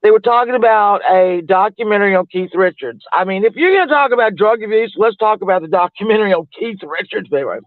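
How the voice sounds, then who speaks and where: A high-pitched man with a drawl rambles casually and greets his viewers. His voice is thin and phone-like, dry with no room sound, in a loose chat-stream style. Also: fast, hardly any pauses, no echo. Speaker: livestream host.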